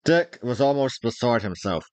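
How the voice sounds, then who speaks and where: A man narrating a classic adventure story in a measured, unhurried read-aloud style. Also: mid-range voice, animated, no room sound, poor audio. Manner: measured, unhurried reading of old-fashioned prose. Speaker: story reader, vtuber.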